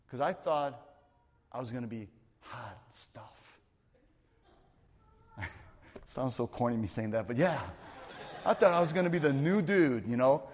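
Male pastor with a high-ish voice, animated storyteller, recorded with a long hall echo. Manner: animated, jumps between loud excitement and quiet asides. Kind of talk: storytelling sermon at a youth retreat. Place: retreat meeting hall. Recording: long reverb of a large hall.

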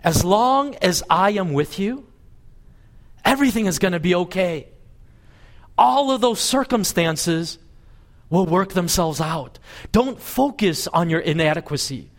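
A man preaching a sermon as pastor, retelling a scripture story with lively, animated delivery. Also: a little slow, long pauses. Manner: animated storytelling, voicing God and Moses with lively pitch swings. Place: church service.

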